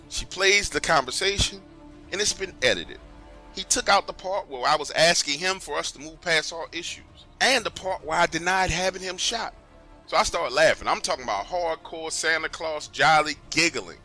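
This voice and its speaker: Bright-voiced man telling a true story. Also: fairly high pitch, moderate pace, faint music behind. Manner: conversational, animated. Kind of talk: first-person true-story narration.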